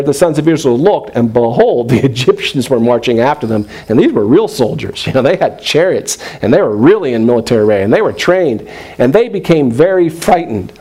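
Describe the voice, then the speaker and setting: Middle-aged guy preaching, animated, cracks jokes, acts out lines. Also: medium pitch. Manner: animated, acts out quoted voices; joking asides with laughs. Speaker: pastor. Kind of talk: sermon.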